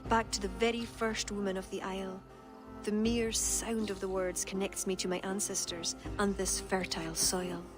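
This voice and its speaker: A woman's voice: mid-range voice, flat delivery, normal speed, natural voice. An actress with an Irish accent voicing a proud, witty woman court poet who speaks in a teasing, lilting way, with game music behind.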